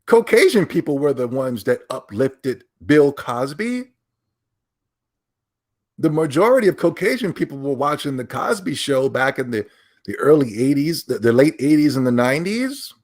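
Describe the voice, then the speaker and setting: A man hosting his own podcast, talking alone in an animated, mocking, opinionated way. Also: mid-range voice, normal speed. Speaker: podcast host. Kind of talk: casual solo rant.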